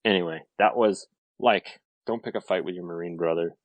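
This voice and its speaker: A man's voice: deep voice, brisk, no room sound, rough recording. A man in his thirties in casual podcast chat, telling a story animatedly with lots of fillers. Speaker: podcast guest.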